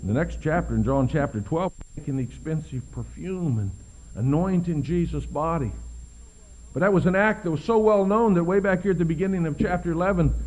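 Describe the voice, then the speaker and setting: Expressive preacher man, hushed to emphatic. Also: a little fast, poor audio. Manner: expressive, swings from soft hushed lows to loud emphatic peaks. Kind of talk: sermon.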